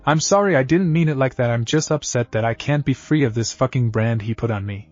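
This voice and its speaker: A man reading the lines of a volatile young kunoichi woman, slightly raised in pitch. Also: fairly quick, darkish tone, dull audio, faint music behind, natural voice. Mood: upset.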